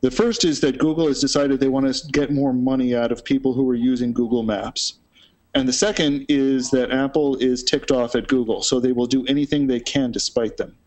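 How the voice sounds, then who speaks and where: A man's voice: medium pitch, fairly even intonation, brisk, a little mellow. Brief: an opinionated male host who thinks aloud with many fillers. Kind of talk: casual panel chat.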